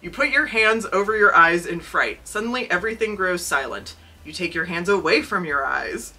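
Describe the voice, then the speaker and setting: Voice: mid-range voice, lively intonation, normal speed, bright, forceful tone, far from the mic. A podcast co-host reading a children's storybook aloud and breaking off for wry, joking asides. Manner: wry, laughing commentary.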